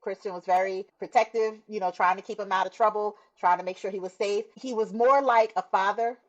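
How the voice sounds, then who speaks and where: A woman's voice: medium pitch, fairly even intonation, a little fast, highs cut off. A middle-aged woman sharing her personal testimony as a guest, in earnest, conversational storytelling that acts out what people said. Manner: earnest, warm storytelling with laughs and acted-out quotes.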